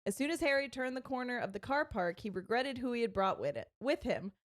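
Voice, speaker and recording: A woman streamer reads a wild story aloud to her friends, breaking into giggles. Her voice sits a bit high and swoops around with lively energy. The talk is loose and casual. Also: a little fast.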